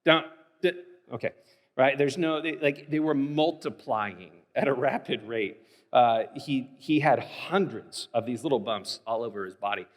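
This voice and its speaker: A man in his thirties, a pastor preaching a sermon, telling a personal story in a candid, animated way, full of fillers. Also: mid-range voice, unhurried. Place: church sanctuary. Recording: long reverb of a church hall.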